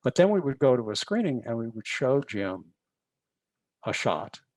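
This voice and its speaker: A man's voice: medium pitch, very animated, moderate pace, a little mellow, dry recording, rough recording. Man telling industry stories, dry sound. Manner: storytelling, acts out quoted exchanges. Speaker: VFX supervisor giving a webinar. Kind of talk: anecdotal lecture. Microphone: video call.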